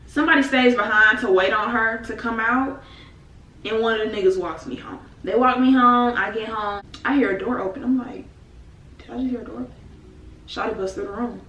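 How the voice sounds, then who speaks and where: A young woman tells a storytime with lively, dramatic slang and a slightly high voice. She sits a little back from the mic in an echoey room, with faint noise behind her. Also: fairly quick, far from the mic. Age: young adult. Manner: animated, dramatic retelling with slang. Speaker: vlogger. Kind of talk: casual storytime.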